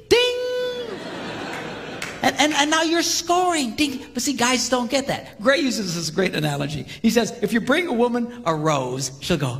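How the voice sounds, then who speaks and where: Animated man joking from a stage. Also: very high voice, moderate pace, vocal fry. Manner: animated, punchy, with shouted sound effects. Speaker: marriage seminar speaker. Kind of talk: comedic seminar talk. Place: large hall before a live audience. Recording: reverberant hall with background noise.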